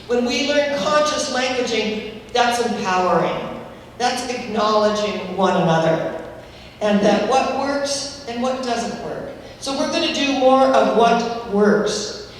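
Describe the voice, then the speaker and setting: A woman's voice: on the high side, lively intonation, a little hiss or hum. Woman minister preaching in an echoing hall. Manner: measured, spiritual teaching with asides and told stories. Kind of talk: sermon. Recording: echoey hall, heard from far off.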